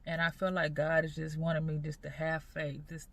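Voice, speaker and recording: A woman in her forties talking earnestly in a personal faith vlog, halting and repeating her phrases as she goes. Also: deep voice, little pitch movement. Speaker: vlogger.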